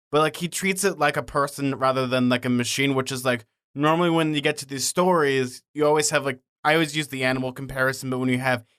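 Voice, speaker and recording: Smooth-voiced young man, enthusiastic. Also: on the high side, fairly bright tone. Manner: enthusiastic, loose and rambling. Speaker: podcast co-host. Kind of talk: casual book discussion.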